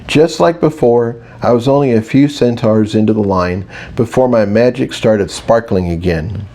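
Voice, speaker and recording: A man narrating a fantasy audiobook in the first person, with expressive, playful storytelling. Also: lowish voice, moderate pace, a little hiss or hum.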